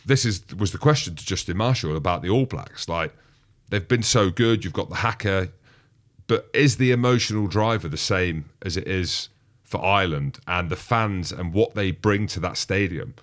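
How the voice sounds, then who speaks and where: A man with a very low, deep voice, chatting casually on a rugby podcast. He tells stories with animation and slips into the voices of the people he quotes. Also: normal speed. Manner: animated storyteller who acts out quotes. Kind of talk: casual sports chat.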